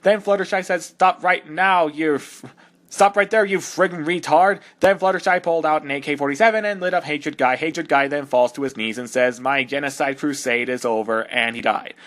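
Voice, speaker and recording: A man's voice: fairly high pitch, moderate pace, a bit bright, natural voice. A man voicing a cocky young male hedgehog hero, reading fan fiction aloud with sarcastic, exasperated mockery. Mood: mocking. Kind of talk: comedic fan-dub reading.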